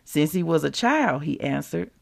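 Woman host giving a lively devotional lesson, a bit of fry in the voice. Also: deep voice, moderate pace. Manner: animated, laughs often, addresses listeners as y'all. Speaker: podcast host and preacher. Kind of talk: devotional teaching with scripture reading.

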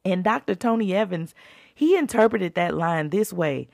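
A woman's voice: lowish voice, animated, moderate pace, vocal fry, a little mellow, dry recording, clean studio sound. A woman hosting a faith podcast, talking in a fervent, colloquial, preacherly way. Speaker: podcast host.

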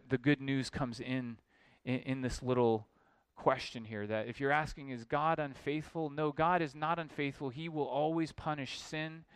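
A man preaching an expository sermon, emphatic and building to forceful points. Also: medium pitch, clear, resonant tone, no room sound. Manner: emphatic, rising to forceful exclamations.

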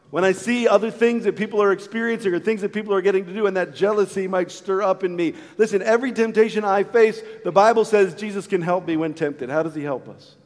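A middle-aged man preaching a sermon as pastor, earnest, moving from loud calls to hushed, intimate lines. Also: high voice, long reverb tail. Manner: acts out voices in a story.

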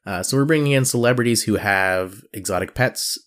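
Low-ish guy cohosting a podcast, joking around, rambly with uhs. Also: a little fast, a bit bright. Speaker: podcast co-host. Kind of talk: casual chat.

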